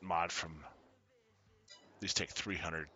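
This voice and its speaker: A man giving casual commentary while streaming a farming game, chatty and quick to laugh as he greets his viewers. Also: sits low, fairly even intonation, sharp tone, breathy edge, highs cut off. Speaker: gaming streamer.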